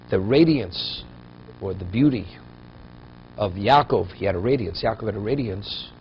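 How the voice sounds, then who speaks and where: A man's voice: on the low side, gravelly, highs cut off, a little hiss or hum. A man giving a Torah class, telling a story and building to emphatic points. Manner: storytelling, rising to emphatic peaks. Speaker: Torah teacher.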